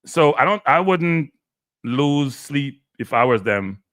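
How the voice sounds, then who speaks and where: A man's voice: on the high side, expressive, takes it slowly, fairly bright tone, no echo, clean studio sound. A Jamaican man hosting a live stream, annoyed and pleading with his viewers. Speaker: live show host.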